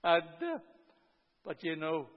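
A man's voice: fairly high pitch, big pitch swings, slow pace. A man in his fifties preaching his testimony to a church gathering, earnest and often repeating "and you know, friends". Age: 50s. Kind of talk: sermon testimony. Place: church hall with about 150 people. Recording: reverberant hall, dull lo-fi sound.

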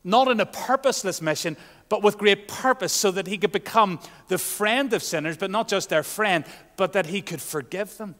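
A man preaching a sermon, earnest, swinging from loud proclamation to soft, hushed asides. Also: sits high, normal speed, long reverb tail.

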